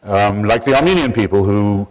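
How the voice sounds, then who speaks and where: Male lecturer, lowish voice, dry wit, digressive delivery. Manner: wry, digressive, measured. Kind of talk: public lecture.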